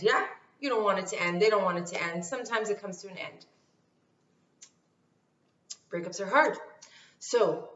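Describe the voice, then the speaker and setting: A woman's voice: fairly high pitch, a bit bright. A woman vlogger talking casually to camera with motivational life advice, emphatic and repeating her key phrases. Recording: roomy, distant, dull sound.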